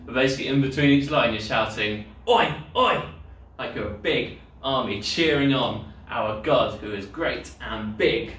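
A man's voice: mid-range voice, normal speed, hardly any pauses. A man leading children's worship in a cheerful, encouraging way, explaining to the kids at home. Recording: echoey room, distant mic, loud guitar. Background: own guitar playing.

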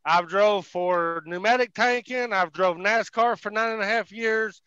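A man from North Carolina, a truck driver on a video call from his cab, excited and folksy with many fillers. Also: sits high, unhurried, clean tone, dry recording. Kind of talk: casual chat. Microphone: phone on a video call. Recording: muffled video call audio.

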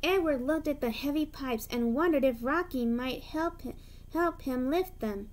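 A woman's voice: sits high, normal speed, a little hiss or hum. A woman reading a children's train storybook aloud, adding chatty asides of her own between the narration.

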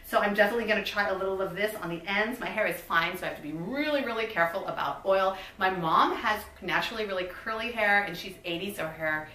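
A woman in her fifties chatting excitedly in a casual unboxing video and reading product labels aloud. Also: medium pitch, fast talker, hardly any pauses, reverberant, distant mic, low-quality recording. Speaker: beauty vlogger.

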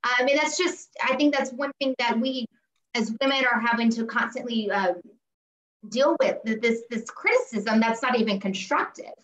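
A woman's voice: on the high side, moderate pace, a bit bright, echoey room, highs cut off. An American woman, a historian and tour manager, speaking earnestly and candidly in a panel discussion over a video call. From United States. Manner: earnest, candid, with frequent restarts.

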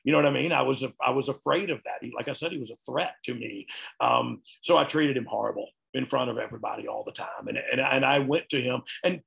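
Gravelly man, candid and folksy. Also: medium pitch, fast, a bit bright. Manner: earnest, folksy, frequent "you know what I mean". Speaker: guest, retired wrestler. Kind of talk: candid interview talk.

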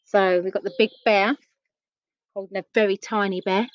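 A woman reading a picture book aloud to children, gentle and unhurried, with questions for her listeners. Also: mid-range voice, fairly even intonation, no echo, dull audio. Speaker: storyteller.

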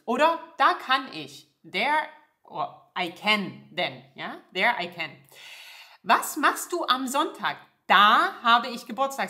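Woman teaching a lesson, bright voice, very animated pitch. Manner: slow and clear, checks in with "yeah?" and "okay?". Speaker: German teacher. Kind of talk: language lesson.

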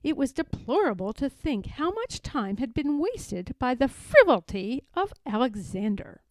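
Lively expressive woman reading aloud. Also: sits high, unhurried, no echo. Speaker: storyteller. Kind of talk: children's story read-aloud.

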